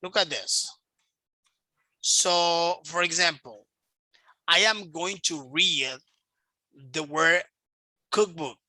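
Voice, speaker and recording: A man teaching English over a video call, his voice very bright and a touch high. He patiently repeats himself and sounds out words to show where the stress falls. The sound is dry and close. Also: slow pace, long pauses, no echo. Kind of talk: online one-on-one English lesson.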